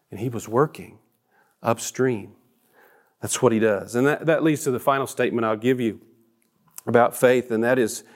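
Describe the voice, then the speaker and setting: A middle-aged man preaching a sermon as a pastor, earnest and storytelling, often restarting his sentences. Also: medium pitch.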